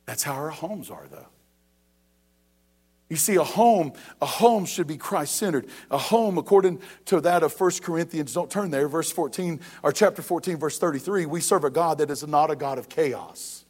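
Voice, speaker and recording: A middle-aged man, a pastor preaching a sermon to his church, growing loud and emphatic on repeated questions. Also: on the high side, normal speed, few pauses, breathy edge.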